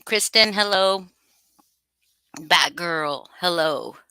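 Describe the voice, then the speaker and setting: Bright, crisp-voiced woman chatting casually. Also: on the low side, extremely slow, dry recording. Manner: greets chat names, swears freely. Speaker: livestream host. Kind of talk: casual livestream chat.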